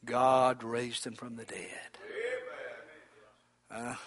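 A man preaching a sermon, swinging from loud exclamations to near-whispers and calling out to brothers by name. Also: medium pitch, level tone, very slow.

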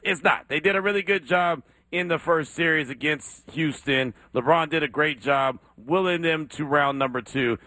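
A man's voice: medium pitch, pushed and bright, no room sound. A man hosting a sports talk radio show, emphatic and repeating points for effect.

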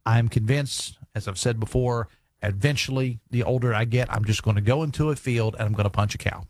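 A man's voice: mid-range voice, a little fast, a little mellow, no echo, clean studio sound. A man hosting a radio talk show, chatting casually with folksy jokes and lots of fillers, reading listener texts. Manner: chatty, folksy, joking asides with many fillers. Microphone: studio microphone.

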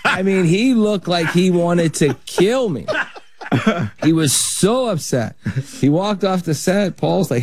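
Lively man laughing through anecdotes. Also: on the high side, measured pace, a little hiss or hum. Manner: animated, laughs through his stories. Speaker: actor guest. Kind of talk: anecdotal interview storytelling.

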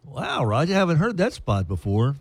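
A man's voice: a little high, very animated, fairly quick, noisy background. A man hosting a sports radio show in casual, playful banter with jokey asides.

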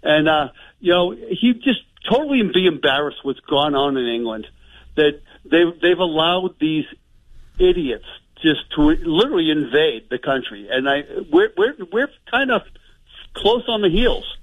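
A man's voice: fairly high pitch, sing-song, unhurried, no room sound, low-quality recording. A man on a talk radio show, rambling indignantly about a family war story.

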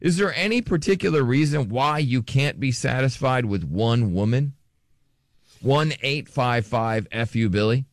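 A man's voice: medium pitch, lively intonation, measured pace, no room sound, clean studio sound. A man hosting a radio show, chatting casually and joking, often trailing off and restarting. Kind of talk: casual chat.

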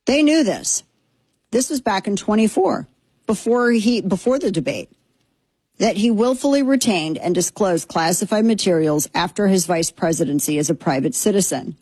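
A woman's voice: mid-range voice, lively intonation, normal speed, a little mellow, husky, no room sound. Indignant woman talk show host. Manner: indignant, sarcastic, mocking. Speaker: political commentary host. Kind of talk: opinionated talk show monologue.

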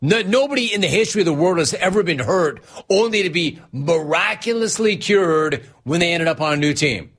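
A man hosting a sports talk show, teasing and animated, reading out chat and laughing often. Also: a little high, a little fast, hardly any pauses.

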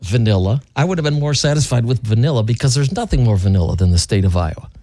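A man's voice: medium pitch, lively intonation, fast, mellow, no room sound. A man hosting a radio show, quizzing his co-hosts in a playful, teasing way. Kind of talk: casual radio banter. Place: radio studio.

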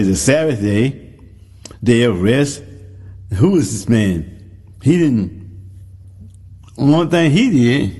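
Male preacher, folksy and repetitive in delivery, mid pitch, recorded in a reverberant hall. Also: dark tone. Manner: folksy storytelling, repeats phrases. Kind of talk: sermon.

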